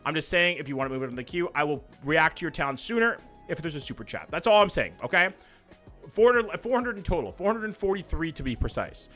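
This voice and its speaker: A man's voice: on the high side, animated, a little fast, fairly bright tone, faint music behind. A young man hosting a livestream, reading viewer comments in loose, profane, joking banter. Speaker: livestream host. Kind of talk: casual live chat reading viewer comments.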